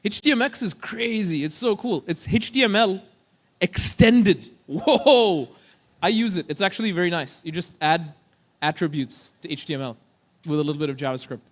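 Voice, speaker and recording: High-pitched male conference emcee, playful stage banter, fills time with jokes. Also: normal speed. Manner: joking, playful, chatty.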